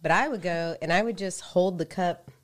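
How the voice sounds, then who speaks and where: A woman's voice: on the low side, normal speed. A woman co-hosting a podcast, telling a casual story with plenty of swearing and acted-out voices. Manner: animated storyteller, swears freely, acts out voices. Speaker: podcast co-host.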